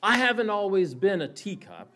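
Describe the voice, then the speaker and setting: A man voicing a talking teacup in a storytelling sermon, crying out in a high, strained, pleading voice. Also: big pitch swings, normal speed, pushed and bright, exaggerated voice.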